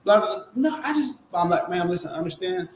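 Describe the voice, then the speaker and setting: A real estate wholesaler, a high-voiced man who talks fast, tells an animated story in casual chat, acting out quotes in a high, excited voice. The room is echoey with faint noise.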